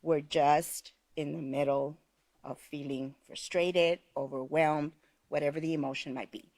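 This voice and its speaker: A woman with a low, darkish voice leads a live online teacher training class, speaking unhurriedly with fairly even intonation in a dry recording. She talks conversationally and tells stories. She checks in often with "okay?"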